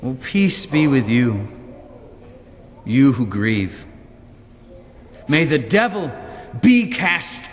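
A man preaches from the pulpit, his fairly high voice swinging widely in pitch as he drives home his rhetorical questions. His slow, deliberate delivery carries a long reverb from the church sanctuary. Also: a little hiss or hum. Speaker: pastor. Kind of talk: sermon.

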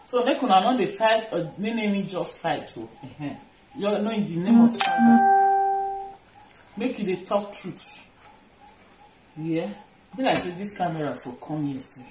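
A woman's voice: fairly low pitch, big pitch swings, measured pace, long pauses, over music. A woman with a Nigerian Pidgin accent chatting casually on a livestream while she washes dishes, playful and full of laughs and mock cries. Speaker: vlogger. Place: kitchen. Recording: echoey kitchen with clattering dishes. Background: clinking dishes, pots and pans.

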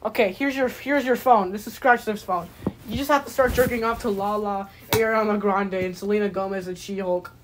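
A woman's voice: mid-range voice, steady tone, brisk, background noise. A woman hosting a puppet comedy skit, bossy and giggly as she orders the other characters around. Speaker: puppeteer host.

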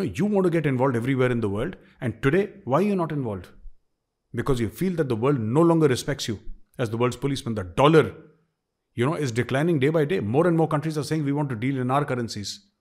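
A middle-aged man with an Indian accent delivers opinion commentary in an emphatic, forceful way. He hammers his points home through repetition. His voice sits at an ordinary mid pitch for a man. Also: animated, fairly quick, breathy edge. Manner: forceful, emphatic, repeats for stress.

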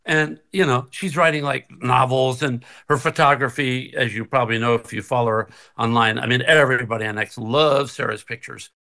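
A man's voice: mid-range voice, fairly even intonation, brisk, hardly any pauses, pushed and bright. An older man and actor telling a story as a guest on a video call from his kitchen, laughing often and acting out the voices he quotes. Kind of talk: casual anecdote on a video call. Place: home kitchen.

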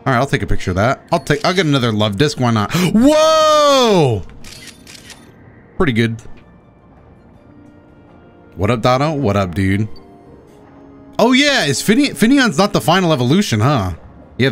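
A man streaming a game, commentating with excitement, often gasping and shouting at the creatures on screen. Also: medium pitch, brisk, faint music behind. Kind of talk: excited let's-play commentary.

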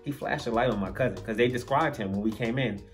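A young man at an ordinary pitch spins a story-time tale for his viewers in loose, slangy speech. He gets animated and chuckles at his own story. Quiet music runs faintly beneath his voice. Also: fast. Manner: lively, slangy, laughs through the story. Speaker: storyteller vlogger. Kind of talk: casual story-time monologue.

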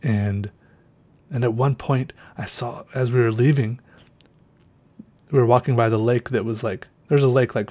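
A man's voice: mid-range voice, creaky, a little mellow. Rambling, breathless podcast man. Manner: rambling, self-correcting, trails off with fillers. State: slightly out of breath. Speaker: podcast host. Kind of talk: casual storytelling monologue.

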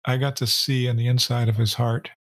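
Middle-aged guy, calm and level, monotone-ish, teaching on a podcast. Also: mid-range voice, fairly quick. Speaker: podcast co-host. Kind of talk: faith podcast conversation.

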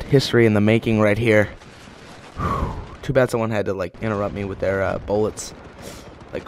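Deadpan joking man narrating gameplay. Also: on the low side, a little hiss or hum. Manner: deadpan mock-serious, swings to excited outbursts. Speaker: gameplay commentator. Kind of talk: joking live game commentary. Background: game gunfire and explosions.

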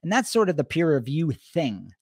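A middle-aged man co-hosting a podcast, talking casually and retelling conversations in an animated way. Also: on the high side, normal speed, husky, no room sound, studio quality. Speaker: podcast co-host.

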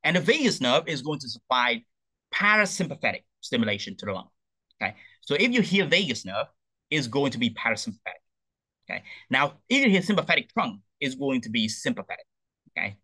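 A male lecturer with a bright, forward voice that climbs and dips as he explains. He checks in with his listeners by adding "okay?" after each point and poses questions before answering them himself. The recording is dry and close, with no room sound. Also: mid-range voice, brisk, breathy edge, no echo, poor audio. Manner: lively, repeats "okay?" to check understanding. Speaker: anatomy lecturer.

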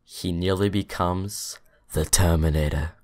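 A man reading dry scripted narration between gameplay clips in a flat, matter-of-fact way. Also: low voice, measured pace, a little hiss or hum. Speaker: video editor narrating.

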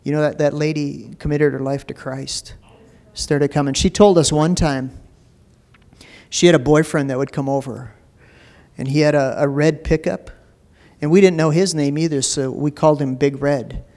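Storytelling pastor preaching with rising fervor. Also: male voice, on the high side, steady tone, normal speed, darkish tone. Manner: storytelling, building to emphatic preaching; repeats words when starting phrases. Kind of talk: sermon.

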